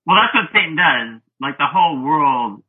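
A man's voice: a little high, animated, moderate pace, husky. A man co-hosting a casual movie-review chat and adding wry, dry asides. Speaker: podcast co-host. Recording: phone-like line.

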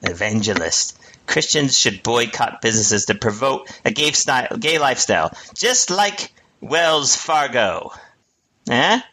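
A male podcast co-host delivers casual comedic commentary, mocking, cursing, and laughing often. He has a medium pitch, a sharp tone, lively intonation, and an unhurried pace.

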